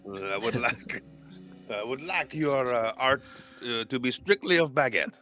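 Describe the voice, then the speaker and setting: A man's voice: mid-range voice, lively intonation, measured pace, pushed and bright, soft background music, voice pushed up. A man putting on a hammy fake-French artist. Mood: haughty. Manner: mock French accent, hammy.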